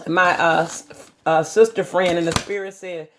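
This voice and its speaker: A woman's voice: lowish voice, fairly even intonation, normal speed, noisy background. A middle-aged woman vlogging from her home kitchen, telling rambling stories in a chatty, casual way. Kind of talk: casual chat.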